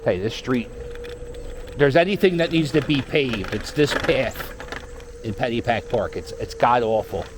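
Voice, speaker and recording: A man's voice: mid-range voice, unhurried, noisy background. A man riding a scooter through a park, rambling through wry commentary and stories. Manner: rambling, wry, storytelling asides. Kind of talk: casual running commentary. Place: outdoors in a park, on a moving scooter.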